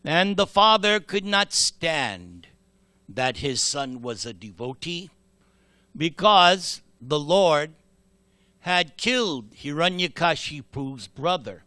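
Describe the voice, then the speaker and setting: A man at a temple retells a scripture story as a sermon, slowly and dramatically. His voice sits a little high and sounds bright and sharp. The sound is dry and close. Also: very animated, no room sound. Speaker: temple speaker.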